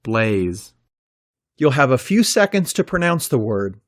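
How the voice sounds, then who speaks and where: A man teaching an English pronunciation lesson from a script, with a careful, clearly articulated delivery. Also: fairly high pitch, very animated, moderate pace, no echo, clean studio sound.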